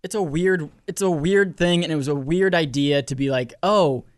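A young man with a fairly high voice rambles through a personal story, poking fun at himself. He is a comedian chatting casually as a guest, restarting sentences as he goes. His voice sounds close and dry. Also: moderate pace, no echo. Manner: rambling, self-deprecating, restarts often.

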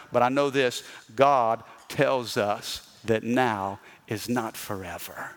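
A male pastor preaching a sermon, swinging between loud emphatic bursts and slow hushed lines and calling the congregation for amens. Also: medium pitch. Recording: long reverb of a large hall.

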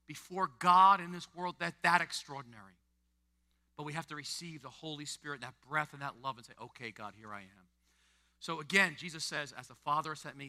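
A male pastor preaching a sermon to a congregation, animated, swinging from loud emphatic peaks to soft, intimate passages. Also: a little high. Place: church hall before a congregation.

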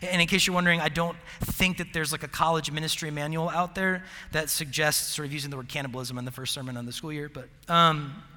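Young man, sermon, rambling casual delivery, bright tense tone, long hall reverb. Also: a little high, fairly even intonation, fast talker, few pauses. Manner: casual, rambling with fillers and restarts, laughs at himself. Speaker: campus ministry preacher. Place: large hall with live audience.

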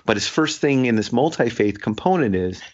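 A man telling a personal story in casual conversation, halting and restarting often and laughing as he talks. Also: medium pitch, animated, darkish tone. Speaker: guest sharing a story. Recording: dull lo-fi sound.

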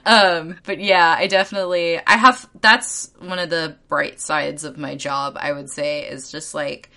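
Young woman podcast co-host, bright lowish voice, animated casual storyteller. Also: unhurried. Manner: animated storytelling, laughing often. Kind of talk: casual chat.

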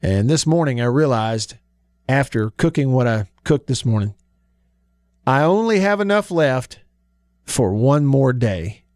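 A man hosts a sports talk radio show, rambling in a folksy, chatty way and leaning into words for emphasis. His voice sits at an ordinary middle pitch. It is picked up close and dry on a studio microphone. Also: animated, measured pace, darkish tone, dry recording.

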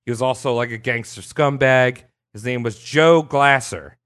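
A man hosting a casual podcast chat, telling a story in an animated, profane way and acting out quotes. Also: mid-range voice, normal speed, smooth. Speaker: podcast host.

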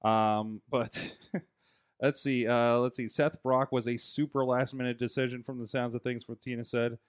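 A man's voice: medium pitch, level tone, normal speed, dry recording, studio quality. A man hosting a casual wrestling talk show, speaking hesitantly and prompting his guests with questions. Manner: hesitant, many fillers and restarts, asks prompting questions. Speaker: podcast host. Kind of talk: casual chat.

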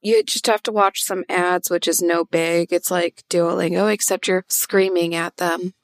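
Joking, creaky-voiced woman in casual chat. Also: lowish voice, unhurried, no room sound. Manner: animated, joking, swears freely. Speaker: podcast player and co-host.

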